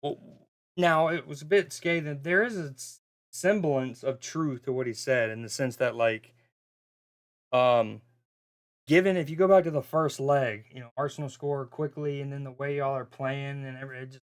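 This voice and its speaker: A man's voice: medium pitch, moderate pace. Man, live-stream host, casual football watchalong chat, rambling, self-interrupting, mid-range voice.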